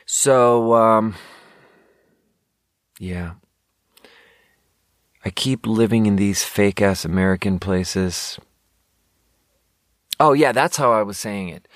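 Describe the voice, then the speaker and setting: A man's voice: lowish voice, no echo, studio quality. A young man hosting a casual talk show, telling rambling, jokey stories and swearing freely. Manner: rambling, profane, jokey storytelling. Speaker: podcast host reviewing sparkling water. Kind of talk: casual monologue.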